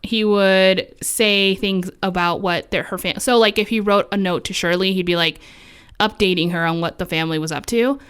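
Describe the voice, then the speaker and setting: Woman podcast co-host, casual storyteller, smooth clear tone. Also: medium pitch, fairly even intonation, normal speed, a bit bright. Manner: chatty, full of likes and fillers, laughs often.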